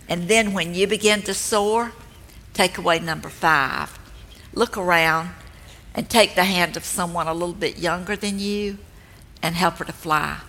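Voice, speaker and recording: An older woman giving a slow, gentle and earnest devotional teaching talk. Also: fairly low pitch. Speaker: speaker at a women's ministry event. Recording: long hall reverb.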